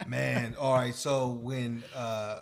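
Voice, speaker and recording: A man co-hosting a podcast in casual sports chat, telling animated stories and swearing often. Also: medium pitch, takes it slowly, vocal fry, noisy background. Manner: excited storytelling, frequent swearing. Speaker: podcast co-host.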